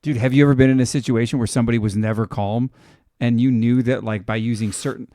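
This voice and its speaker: Brief: male podcast co-host, mid-pitched, dry close sound, eager with stammered restarts. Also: steady tone, fast, dark tone, no echo. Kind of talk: casual chat.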